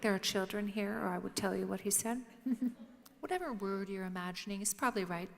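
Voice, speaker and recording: A woman with a brisk, mid-range voice is the featured speaker, telling comic, self-deprecating stories to a lecture-hall audience. She lowers to a whisper for quoted lines, and the room's reverb is audible.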